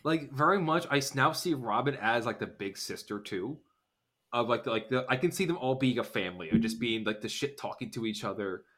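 A man co-hosting a podcast, talking in a loose, rambling way at an ordinary middle pitch. He keeps slipping into quick acted-out lines from the characters he describes. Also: expressive, a bit bright. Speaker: podcast co-host. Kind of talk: casual chat recapping a TV episode.

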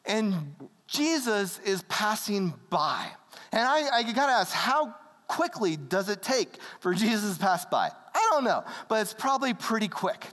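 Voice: medium pitch, big pitch swings, a little slow, a bit bright. A preacher giving a sermon in a casual, conversational storytelling manner, acting out quoted voices. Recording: long hall reverb.

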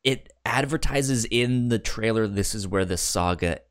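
A man's voice: on the low side, clean tone. A man co-hosting a casual podcast chat, stumbling through restarts and fillers, with the hiccups. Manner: halting, many restarts and fillers. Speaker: podcast co-host.

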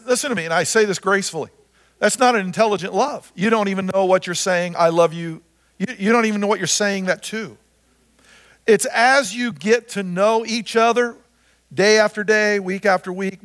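A man preaching a sermon as pastor, repeating phrases and swinging from loud to soft. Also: sits high. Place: church sanctuary. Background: guitar music.

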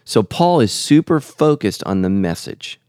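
Deep-voiced earnest pastor, dry studio sound. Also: male voice, very animated, a little slow, a little mellow, clear, resonant tone, no room sound. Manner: earnest, preacherly, repeats phrases for emphasis. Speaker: pastor and podcast host. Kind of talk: conversational podcast teaching.

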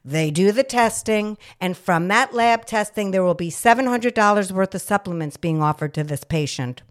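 A woman's voice: medium pitch, moderate pace. A middle-aged woman podcast host, a nurse, ranting in a casual chat with exaggerated indignation and the odd swear word.

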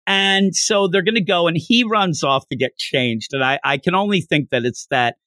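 A man hosting a podcast, recapping a manga chapter in a jokey, animated way. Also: fairly high pitch, normal speed, dry recording, studio quality. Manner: animated, jokey, laughs while retelling. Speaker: podcast host.

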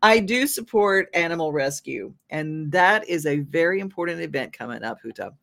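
A woman's voice: deep voice, expressive, normal speed, creaky, fairly bright tone. A woman hosting a local talk show, chatting enthusiastically about events and sending hellos. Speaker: host. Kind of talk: casual chat.

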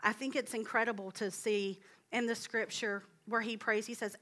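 A young woman giving a heartfelt sermon in a church, earnest and personal, sometimes dropping into soft hushed asides. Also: a little high, fairly even intonation, normal speed. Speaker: guest speaker at church. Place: church sanctuary.

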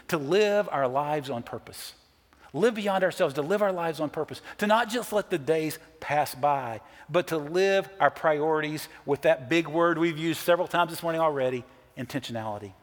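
A man's voice: a little high, big-room sound. A middle-aged man preaching a sermon as a pastor, telling stories in an earnest way and quoting others. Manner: earnest storytelling with quoted voices.

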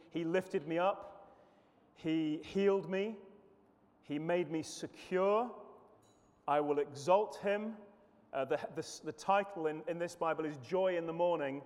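A man's voice: on the high side, long reverb tail. A man preaching an earnest sermon through a run of psalms, often restarting phrases and repeating words as he goes.

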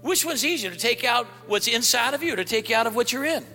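High, bright pastor preaching. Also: male voice, fast talker, big-room sound, soft background music. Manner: excitable preaching with shouted bursts. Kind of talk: sermon.

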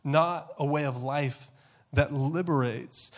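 A male pastor delivering a sermon in an animated storytelling manner, voice sitting in an ordinary middle range. He punctuates with "okay?" asides and often doubles his words. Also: medium pitch, normal speed. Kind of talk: sermon with a comic personal story.

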